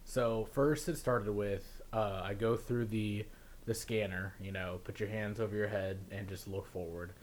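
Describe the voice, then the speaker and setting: A man's voice: unhurried, slight background noise. Laughing young man telling a story. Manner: animated, laughing storyteller who mimics officials in a lower, quieter voice. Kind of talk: casual storytelling chat.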